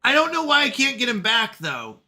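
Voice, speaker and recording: A man streaming a strategy game with commentary, animated and scolding himself over a misclick. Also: very high-pitched, normal speed. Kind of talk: let's play commentary.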